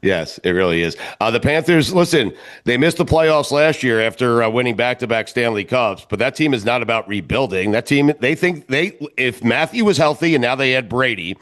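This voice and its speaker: A man hosting a sports radio show in casual chat, asking questions with a relaxed, hesitant delivery. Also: mid-range voice, moderate pace, hardly any pauses. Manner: relaxed, asks questions with filler uhs.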